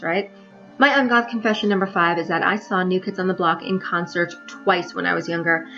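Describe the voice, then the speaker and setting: A woman's voice: fairly low pitch, a bit bright, lo-fi sound. A woman from New York with a trained, neutral American accent, bluntly and wryly confessing in a profane vlog monologue. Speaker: vlogger.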